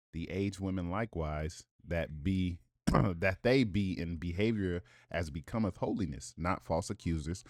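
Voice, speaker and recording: A man's voice: deep voice, no room sound, studio quality. A man giving casual reaction commentary, reading viewer comments aloud with blunt, profane asides and rhetorical questions.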